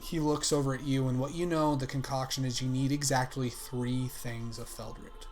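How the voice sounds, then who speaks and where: A man running a tabletop game as game master, casual and profane, slowing down for dramatic beats. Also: mid-range voice, little pitch movement, darkish tone, slight background noise. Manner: casual, swearing, slows for drama.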